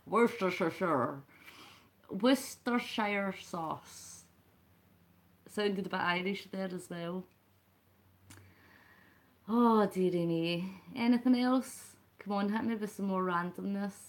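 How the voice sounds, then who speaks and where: This Scottish woman runs a late-night live stream, speaking a little slowly with frequent pauses in a steady, mid-range voice. She chats casually and at length, rambling on and addressing her viewers by name.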